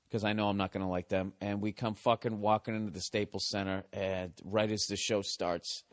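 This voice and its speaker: A man's voice: on the low side, dry recording, studio quality. A man who is a comedian and podcast host, telling a story as a casual, profane rant full of swearing, exasperated and correcting himself as he goes. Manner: self-corrects and restarts mid-story.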